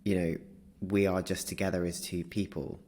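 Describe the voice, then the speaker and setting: A man, a guest in a casual interview, telling a story in a lively way and often laughing through it. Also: deep voice, normal speed, slight background noise.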